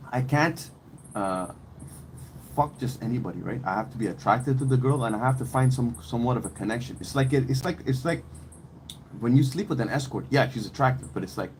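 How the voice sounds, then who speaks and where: A man hosts a casual podcast in a middle-pitched voice, rambling from point to point with emphatic slang and frequent swearing. He restarts sentences often as he builds his argument. A faint ambient hum sits behind him. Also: animated, normal speed, pauses often, darkish tone, rough recording. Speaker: podcast host. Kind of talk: casual opinionated podcast chat.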